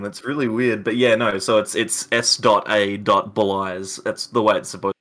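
A man's voice: lowish voice, level tone, moderate pace, fairly bright tone. A man with an Australian accent who runs a card game channel, chatting casually on a podcast, rambling and often laughing. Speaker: YouTube channel host, card game player.

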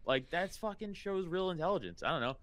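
A man's voice: on the high side, expressive, a little fast, fairly bright tone, dry recording. Rambling, profane man chatting casually. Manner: profane, rambling, laughs often, mimics voices. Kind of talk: casual chat.

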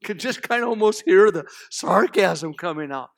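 High-voiced man preaching a dramatic sermon. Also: animated, normal speed, gravelly. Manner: dramatic storytelling, acting out voices, swings between loud and hushed. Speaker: pastor.

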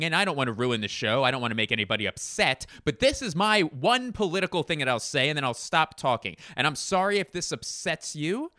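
Boyish, fussy male comedian; a man's impression, raised pitch, sing-song punchlines. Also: sharp tone, no room sound, clean studio sound. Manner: prim, sing-song stand-up delivery.

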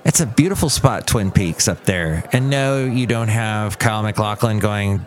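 A man's voice: on the low side, normal speed, hardly any pauses. Rambling, jokey male podcast host. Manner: rambling, jokey, self-correcting. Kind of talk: casual solo podcast monologue.

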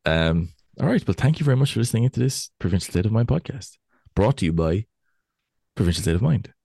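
Man, quick talker, gravelly and mellow, deadpan jokes, dry close mic. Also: fairly low pitch, dry recording. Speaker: podcast co-host. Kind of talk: casual chat.

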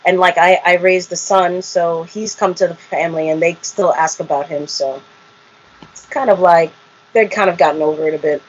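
Husky woman guest, chatty and animated, acts out what people said, muffled audio. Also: lowish voice, normal speed. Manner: animated, acts out quotes, laughs often. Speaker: interview guest, reality show cast member. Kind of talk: candid storytelling interview.

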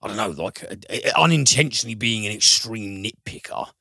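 A man's voice: lowish voice, lively intonation, brisk, creaky, pushed and bright, slightly rough, no room sound. A man reviewing a film in casual chat, rambling and profane, with frequent fillers and restarts.

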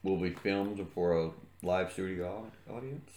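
A man co-hosting a podcast, making deadpan wisecracks while watching wrestling. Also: sits low, a little slow, a little hiss or hum. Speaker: podcast co-host. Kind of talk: casual chat watching wrestling. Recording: roomy echo.

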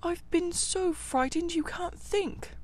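A woman voicing a small, timid male mole who is frightened and weary, speaking high and shakily in a storybook reading. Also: expressive, measured pace.

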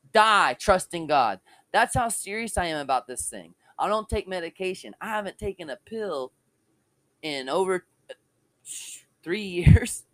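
A man preaches from home in an informal, heartfelt way, sharing his testimony and dropping casual slang between points. His voice sits high, and the sound is close and dry with no room around it. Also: fairly bright tone, no echo. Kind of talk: informal online sermon.

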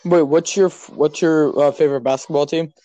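Excitable young man chatting while gaming. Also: fairly high pitch, a little fast, no echo. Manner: excitable, interrupting, coaching. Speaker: podcast host. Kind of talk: casual chat while gaming.

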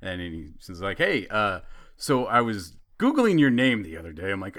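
A man's voice: fairly low pitch, very animated, moderate pace, a bit bright, a little hiss or hum. A man in his thirties telling a story in casual chat, acting out the quoted lines with animation.

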